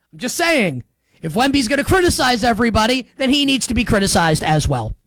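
A man hosting a sports talk show, giving opinionated commentary in a sarcastic, emphatic way, with big swings in pitch and pace. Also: fairly bright tone, dry recording.

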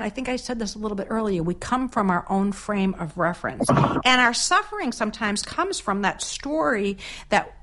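A woman hosting a podcast interview, chatty and relaxed, with frequent fillers and restarts as she frames her questions. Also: mid-range voice. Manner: chatty, many fillers and restarts, laughs easily. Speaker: podcast host.

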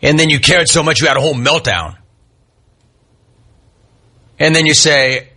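A man's voice: a little high, moderate pace, pauses often, pushed and bright, breathy edge. A man hosting sports talk radio, ranting at length in a sarcastic, mocking way. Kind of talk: heated sports talk monologue.

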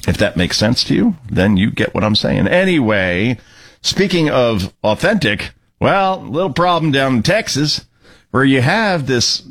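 A man's voice: mid-range voice, very animated, measured pace, a bit bright. A man hosting a political talk radio show, sarcastic and opinionated, cueing clips.

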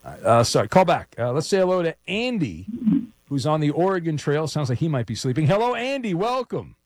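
A man hosting a call-in sports radio show, teasing callers with quick jokes. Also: on the high side, sing-song, no room sound, clean studio sound.

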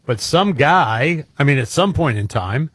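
Man, radio co-host, husky, dry studio sound, blunt casual chat. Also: mid-range voice, animated, a little slow, a bit bright, dry recording.

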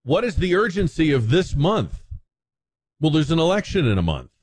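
A man's voice: on the high side, very animated, normal speed, a little mellow. A man hosting a talk radio show, delivering an opinionated, sarcastic monologue with frequent restarts.

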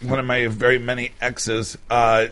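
A man talking on a radio show in an ordinary mid-pitched voice. He rambles, restarts his sentences, and laughs often through his banter. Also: completely flat delivery, normal speed, fairly bright tone.

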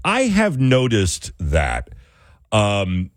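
A man's voice: fairly low pitch, huge pitch swings, drawn-out words, no echo, studio quality. A man from Western New York hosting a morning radio show, chatting casually and rambling with restarts.

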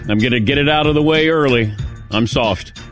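A man's voice: mid-range voice, a little fast, music in the background. Man telling self-mocking stories on air. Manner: lively self-mocking storytelling with voiced quotes. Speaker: sports talk show host. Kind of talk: casual on-air chat.

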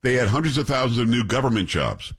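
A man's voice: medium pitch, big pitch swings, quick pace, husky. A man hosting an opinion show, describing clips with blunt, scornful commentary. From New York. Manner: blunt, scornful commentary with many rhetorical asides. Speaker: show host.

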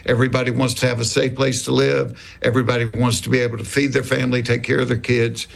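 A man in his sixties with a Southern US accent, a comedian telling animated stories in a casual interview and acting out the voices of the people he quotes. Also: mid-range voice, fast, creaky. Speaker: comedian guest.

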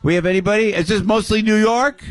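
An older man hosts a live radio show from a venue, boisterously working the crowd and greeting audience members. His voice is high and he talks fast.

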